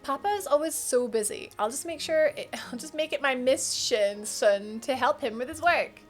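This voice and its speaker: A woman's voice: high voice, expressive, moderate pace, soft background music. A woman reading the lines of an earnest young girl in a game, who wants to help her parents. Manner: earnest dialogue read aloud.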